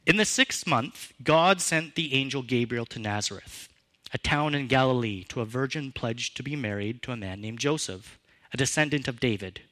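A man preaching a sermon as pastor, with expressive, emphatic delivery that rises and falls in pitch and loudness. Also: moderate pace.

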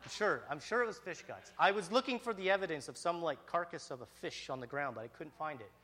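Animated, excitable man telling a story. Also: fairly high pitch, fast talker. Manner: animated, excitable, frequent restarts. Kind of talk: personal storytelling.

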